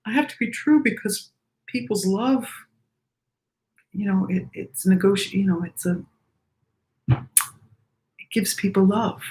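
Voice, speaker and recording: A woman giving a breathing lesson, speaking gently and reflectively and singing lines of a song between her remarks. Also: medium pitch, takes it slowly, pauses often, roomy sound, low-quality recording. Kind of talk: breathing lesson with sung demonstration.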